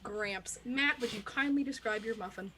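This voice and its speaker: A woman's voice: on the high side, normal speed, fairly bright tone, a little hiss or hum. A woman narrating an improvised tabletop game as dungeon master, chatty and giggly.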